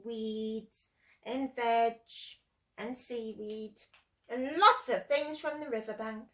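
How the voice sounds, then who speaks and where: Expressive woman reading to children. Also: a little high, slow pace. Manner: gentle and expressive, asking children questions. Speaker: children's storyteller. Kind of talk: reading a picture book aloud to children. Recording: roomy echo.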